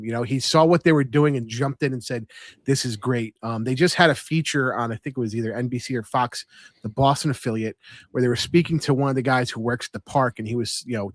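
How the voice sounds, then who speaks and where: A man's voice: mid-range voice, dry recording, clean studio sound. A man co-hosting a podcast, telling stories in a rambling, chatty way with lots of fillers and restarts. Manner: chatty storyteller, lots of "you know" and restarts. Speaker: podcast co-host. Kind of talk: casual chat.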